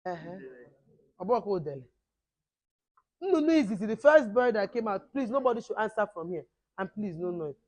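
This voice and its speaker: A middle-aged woman with a hoarse voice, leading children at a camp in lively call-and-response. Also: medium pitch, brisk, pauses often. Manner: animated, call-and-response, mixing two languages. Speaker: camp teacher.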